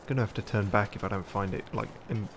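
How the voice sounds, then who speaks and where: Wry, low-voiced man muttering. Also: steady tone, fast talker, noisy background. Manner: wry, self-mocking muttering to himself. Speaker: game streamer. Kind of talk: live gameplay commentary.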